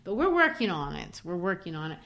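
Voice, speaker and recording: A woman from Brazil talks through a play's scenes in an animated, conversational way, quoting lines as she goes. Her voice sits somewhat low. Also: brisk. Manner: animated storytelling, quoting characters. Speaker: guest discussing a play. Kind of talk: conversational literature discussion.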